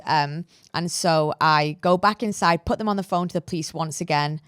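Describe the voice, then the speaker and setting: A woman's voice: fairly low pitch, a little fast, few pauses, no echo, studio quality. A woman with a British English accent telling a story casually on a podcast, rambling and full of fillers. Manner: rambling, filler-heavy, animated retelling. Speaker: podcast guest.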